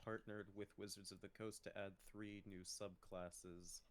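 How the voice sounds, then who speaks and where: A man's voice: fairly low pitch, level tone, measured pace. A man in casual chat, rambling and correcting himself with frequent ums.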